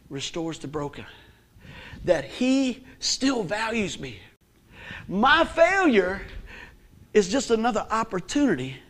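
A middle-aged man, a pastor preaching a sermon in a conversational, humorous way with call-and-response. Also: sits high.

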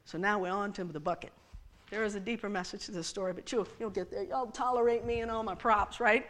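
A woman's voice: medium pitch, steady tone, a little fast, a bit bright. A woman preaching a sermon to a congregation, playful and teasing as she talks to the people in the room. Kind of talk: sermon with props.

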